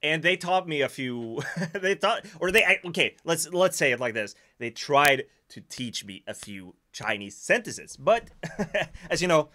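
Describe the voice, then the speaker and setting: Speaking at a fairly high pitch and slightly slow pace, this Swedish-accented man from Sweden talks casually during a live stream. He comes across as lively, frequently laughing at his own expense.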